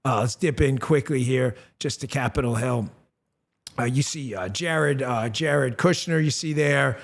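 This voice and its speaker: A middle-aged man hosts a political commentary show, speaking at a measured pace in a creaky voice. He's blunt and heated, swearing and rising in pitch when he gets angry.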